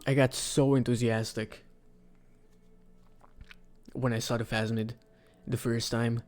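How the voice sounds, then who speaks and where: A man giving casual, rambling commentary for a video, with sudden excited outbursts. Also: mid-range voice, slow. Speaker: video creator. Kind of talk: casual commentary ranking game characters.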